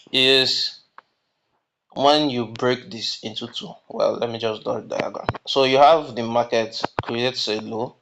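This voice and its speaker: A man teaching a trading lesson, often asking "you get?" and answering his own questions. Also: mid-range voice. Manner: repeats "you get?" to check understanding; asks questions and answers them himself. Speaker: trading instructor. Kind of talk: screen-recorded lesson. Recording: muffled lo-fi mic with background noise.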